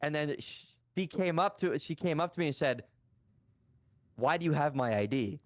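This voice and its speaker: A man's voice: on the high side, expressive, normal speed, dry recording. A man telling a story in a casual chat, rambling with many restarts and casual swearing. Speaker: guest streamer.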